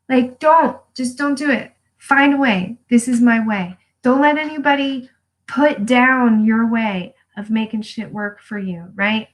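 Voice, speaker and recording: A woman chatting on a live home video, telling personal stories and giving pep talks. She talks in a blunt, profane, animated way and laughs often. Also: fairly high pitch, rough recording. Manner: emphatic pep-talk delivery. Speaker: vlogger. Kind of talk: casual live-stream storytelling. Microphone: phone or webcam for a live video.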